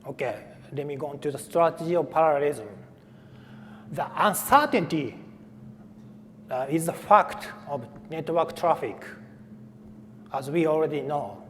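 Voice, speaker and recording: Speaking at a conference, a man from Japan, a native Japanese speaker, delivers a technical presentation in a slightly high, somewhat bright voice. His delivery is halting, full of pauses, fillers and restarts, with faint reverb from the hall and mild background noise.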